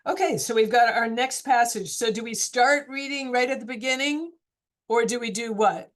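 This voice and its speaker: A woman's voice: a little high, moderate pace. A woman teacher running a casual online class discussion, chatty and encouraging, asking students question after question.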